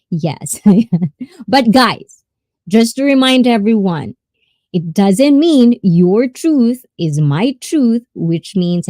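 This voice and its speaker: Woman, livestream host, giggly and chatty, warm tone, dry close sound. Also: on the low side, no room sound. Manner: bubbly, laughs often, switches between English and Tagalog. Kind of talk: casual livestream chat.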